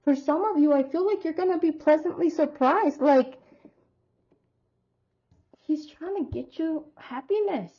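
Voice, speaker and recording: A woman's voice: high-pitched, measured pace, long pauses, warm tone, highs cut off. A woman giving a casual tarot reading to her viewers, talking in a chatty, rambling way and telling stories expressively. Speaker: tarot reader.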